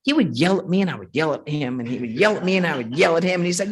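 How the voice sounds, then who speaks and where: A woman monastic speaks to a retreat audience with a husky, slightly low voice. She tells stories with wide swings in pitch, acting out the voices of others and laughing often. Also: very animated, rapid-fire, few pauses. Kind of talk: storytelling talk with audience questions.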